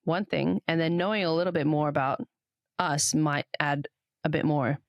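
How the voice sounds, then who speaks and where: A woman's voice: normal speed, no room sound, lo-fi sound. Woman in her thirties with an international accent. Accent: mixed international, Papua New Guinea upbringing. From Australia. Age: 30s. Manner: chatty, laughs easily, animated pitch jumps. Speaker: podcast co-host. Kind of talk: casual chat.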